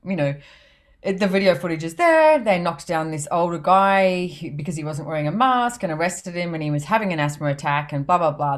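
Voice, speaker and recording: A woman hosting a podcast, chatting casually and laughing often as she tells stories. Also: sits low. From Australia. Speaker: podcast host and author.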